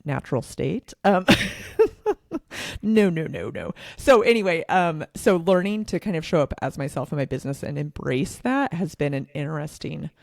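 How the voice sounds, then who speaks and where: Woman, thirties, gravelly, dry close sound, sarcastic podcast co-host. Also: low voice, animated, moderate pace, dry recording. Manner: sarcastic, laughing, filler-heavy. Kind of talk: casual podcast chat.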